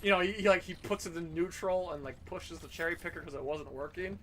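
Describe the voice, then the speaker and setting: A man in his thirties hosting a gaming stream, swearing freely and laughing through his stories. His voice is high and bright, with a faint hiss of noise beneath it. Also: fast. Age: 30s. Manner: profane, animated, laughing storyteller. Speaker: livestream gaming host. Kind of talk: casual livestream chat and storytelling.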